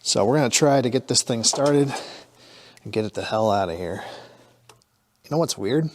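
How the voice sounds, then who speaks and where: A man's voice: medium pitch, animated, moderate pace, slight background noise. A man who hosts a repair show, talking through a job in a dry, matter-of-fact way, his speech a bit thick after dental work. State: talking with a numb, full-sounding mouth after dental work. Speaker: mechanic and channel host. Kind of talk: casual shop narration. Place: repair shop garage.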